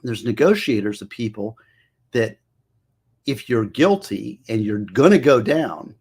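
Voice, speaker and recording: Husky, animated storytelling man. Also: medium pitch, measured pace. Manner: animated, acts out quotes with shifting voices. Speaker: public defender reflecting on his career. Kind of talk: casual storytelling monologue.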